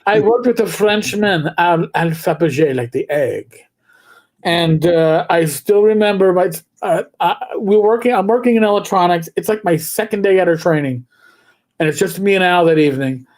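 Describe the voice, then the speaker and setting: A man hosting a livestream in casual chat, telling stories in halting bursts with frequent restarts. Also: high-pitched, a little mellow. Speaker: livestream host.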